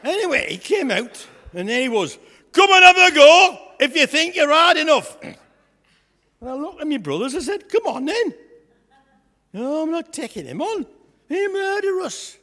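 Brief: man doing a cocky young lad, raspy and high, lively, echoey church hall. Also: moderate pace, long pauses. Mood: cheeky. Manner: chatty, jokey, asides to the congregation. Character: cheeky young shepherd lad, boastful and comic. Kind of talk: comic storytelling sketch in church.

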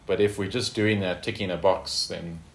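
Man, low voice, Bible study teacher, conversational, tag questions, echoey room. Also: fairly even intonation, moderate pace, creaky, slight background noise.

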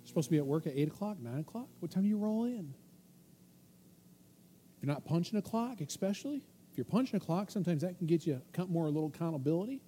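A man preaching a sermon as pastor, lively and emphatic, slipping into the voices of the world, the flesh and the conscience. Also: fairly high pitch, quick pace, a little hiss or hum. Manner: animated preaching, acting out inner voices.

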